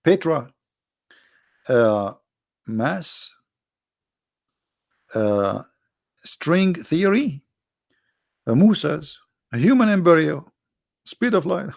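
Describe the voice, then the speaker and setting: Gravelly man with an Arabic accent. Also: fairly high pitch, extremely slow, pauses often. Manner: animated, mocking, repeats himself. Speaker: online show host. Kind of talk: casual live-stream talk.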